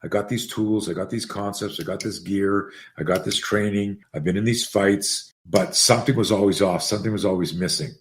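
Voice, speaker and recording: An older man with a fairly low voice tells a story as a podcast guest. He acts out the quoted lines and drops curse words easily. The room gives his voice a noticeable echo. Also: brisk, hardly any pauses, slight background noise. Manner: animated storyteller, acts out quoted dialogue, swears freely. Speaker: podcast guest, self-defense instructor. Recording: roomy echo.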